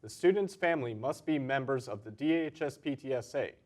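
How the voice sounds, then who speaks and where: A teenage boy reading school announcements in a steady, clear manner as a student announcer. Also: mid-range voice, a little fast. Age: teens. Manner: steady, clear read with stressed headlines.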